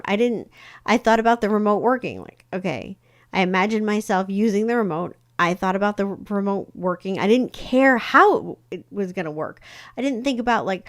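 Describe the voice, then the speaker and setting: Woman, psychic host, loose chatty delivery full of fillers, mid-range voice. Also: mid-range voice. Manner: chatty, rambling, many fillers. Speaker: psychic tarot reader. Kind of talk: casual live-stream talk.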